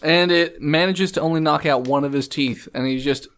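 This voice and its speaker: A man's voice: on the high side, noisy background. A man running a tabletop game as game master, narrating with frequent laughter. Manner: laughing, quick asides, voices characters.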